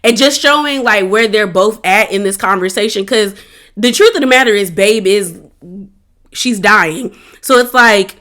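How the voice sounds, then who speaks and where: A woman doing a casual TV episode recap, retelling scenes in quoted dialogue with lively exclamations. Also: mid-range voice, moderate pace. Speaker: TV recap vlogger.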